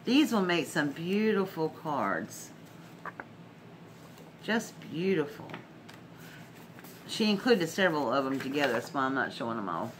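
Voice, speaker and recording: A woman hosting a casual crafting vlog, gushing warmly and laughing as she opens mail. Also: deep voice, very animated, unhurried, long pauses, background noise. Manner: effusive, gushing, laughs often. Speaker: crafting channel host.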